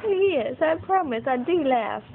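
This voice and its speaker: A woman's voice: sits high, animated, a little slow. A young mother coaxing her baby in a sing-song, repetitive voice, filmed on a phone at home. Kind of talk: baby talk to an infant. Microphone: phone camera. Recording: tinny phone recording with background noise.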